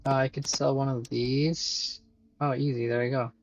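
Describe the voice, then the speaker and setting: A man's voice: medium pitch, little pitch movement, moderate pace, lo-fi sound. A man streaming a video game live, chatting casually and thinking aloud with fillers and the odd swear.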